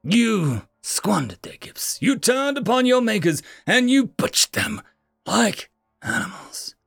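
A man voicing a mocking, shapeshifting female machine envoy who talks slowly and teasingly. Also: high voice, sing-song, vocal fry, a bit bright, no room sound, studio quality, faint music behind, pitched above the performer's own voice, heavily acted. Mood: cold. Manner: smug, teasing, slow and deliberate.

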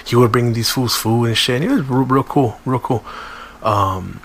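A man's voice: mid-range voice, moderate pace, a little hiss or hum. Profane, slangy man. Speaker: podcast host. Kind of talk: casual storytelling.

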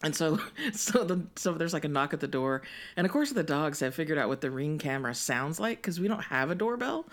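A woman's voice: low-pitched, sing-song, brisk. A woman in her forties co-hosting a podcast, chatting casually in a rambling way and laughing often mid-sentence. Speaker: podcast co-host. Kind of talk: casual chat.

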